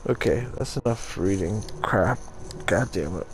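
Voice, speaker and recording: A man's voice: lowish voice, unhurried, few pauses, husky, poor audio. A man hosting a let's play, talking in a joking, irreverent way and swearing casually. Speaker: gaming channel host.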